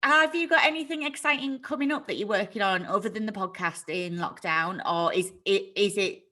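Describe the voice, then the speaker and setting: Bright northern English woman. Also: mid-range voice, brisk. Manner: chatty, laughs often, restarts sentences. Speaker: host. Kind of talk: casual livestream chat.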